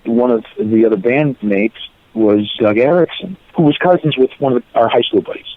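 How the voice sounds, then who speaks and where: A man's voice: medium pitch, expressive, normal speed, no room sound. Older man rambling over a tinny line. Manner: rambling, anecdotal, self-correcting. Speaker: musician guest. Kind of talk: casual storytelling interview.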